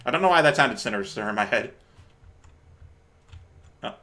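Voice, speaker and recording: A man hosting a let's play, chatting casually and reading the game's text aloud in a playful, quick-laughing way with the odd mild swear. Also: medium pitch, big pitch swings, bright, forceful tone.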